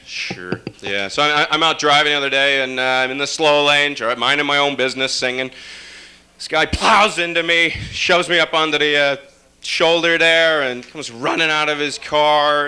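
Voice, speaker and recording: A man from upstate New York doing a stand-up set in a bright, clear voice. He rambles through his bits with wry, deadpan asides and plenty of fillers. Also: a little high, moderate pace. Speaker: stand-up comedian.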